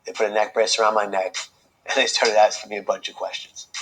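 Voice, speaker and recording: A man telling his own life story as a speaker, earnest and slow, with dramatic pauses. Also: fairly low pitch, flat delivery, a bit bright, poor audio. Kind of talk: emotional personal storytelling speech.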